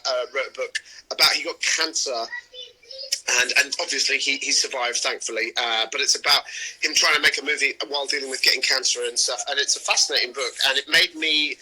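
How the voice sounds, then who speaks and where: A man's voice: medium pitch, steady tone, brisk, sharp tone, breathy edge, rough recording. A man, an actor, chatting casually on a live video stream, rambling and often restarting his sentences. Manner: chatty, rambling, self-interrupting. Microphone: video call.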